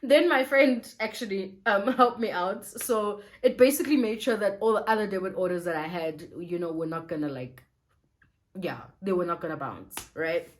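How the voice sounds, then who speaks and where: A woman's voice: mid-range voice, moderate pace, a little hiss or hum. A young woman telling a personal faith testimony to her viewers in a casual, emotional vlog style, often laughing as she talks. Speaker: vlogger.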